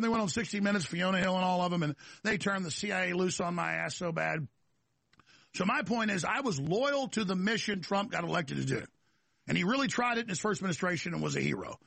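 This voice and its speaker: Gravelly, high-voiced talk show host, rambling. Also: male voice, expressive, fast, a bit bright, no room sound. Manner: rambling, emphatic, full of restarts and repeated words. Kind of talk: political talk monologue.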